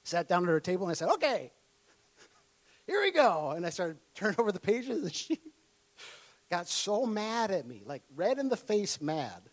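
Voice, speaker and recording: Animated high-voiced man telling a story. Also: moderate pace. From Minnesota. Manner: animated storytelling, acting out his past self in high excited tones; laughs often. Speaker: preacher. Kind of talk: sermon with personal story.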